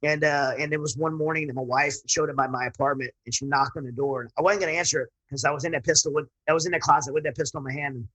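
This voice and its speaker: Fast-talking husky man telling his story. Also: fairly high pitch, fairly even intonation, sharp tone, rough recording. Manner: earnest, rambling with frequent restarts. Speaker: interview guest, veteran. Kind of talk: candid personal storytelling.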